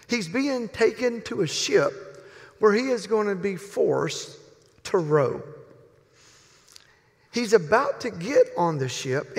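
Gravelly older man preaching with jokes. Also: high-pitched. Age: 60s. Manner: folksy, joking, drawn-out pauses. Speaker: pastor. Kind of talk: humorous storytelling sermon. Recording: reverberant hall.

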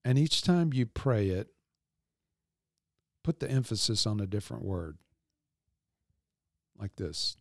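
A man hosting a devotional podcast, teaching in a calm, reflective way. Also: on the low side, takes it slowly, long pauses, dry recording, clean studio sound.

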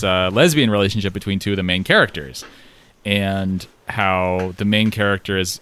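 Man, casual chat, rambling, profane, lowish voice. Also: smooth. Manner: rambling, profane, animated with laughs.

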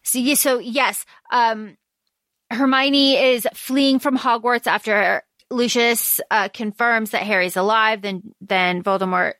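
A woman co-hosting a podcast, excitedly recapping a story in casual chat and swearing freely. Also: on the high side, slow pace, no room sound. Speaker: podcast co-host.

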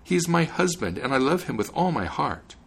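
A man's voice: on the high side, big pitch swings, a little fast, vocal fry, slightly rough, voice pushed up, exaggerated voice. A man doing a pleading young bride.

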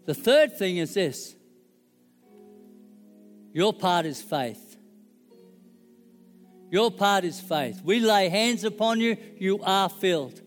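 A man's voice: sits high, animated, slow pace, long pauses, in a large hall, faint music behind. A middle-aged man preaching a sermon in a conversational, joking way and checking in with his audience. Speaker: pastor.

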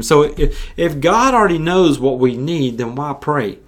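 A man's voice: fairly high pitch, expressive, measured pace, few pauses. Earnest preaching man. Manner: earnest, repetitive, with frequent restarts. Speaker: preacher, podcast host. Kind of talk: sermon.

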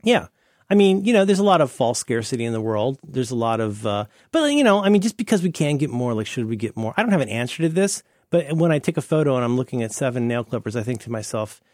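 A man's voice: mid-range voice, sing-song, fast, a little mellow, no echo, clean studio sound. A man hosting a podcast in casual chat, rambling and playful as he riffs from one tangent to the next. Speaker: podcast host.

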